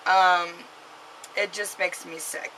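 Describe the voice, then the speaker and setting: A woman's voice: on the low side, fairly even intonation, slow, pushed and bright, a little hiss or hum, rough recording. A mother vlogging to camera, telling a story in a rambling way with many fillers and restarts and giving an earnest, scolding warning.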